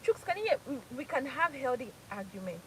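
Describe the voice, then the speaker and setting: A woman's voice: sits high, very animated, a little fast, a little hiss or hum, poor audio. A Nigerian woman in her thirties from Port Harcourt, hosting a casual live chat, laughing often and repeating phrases for emphasis. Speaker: live stream host.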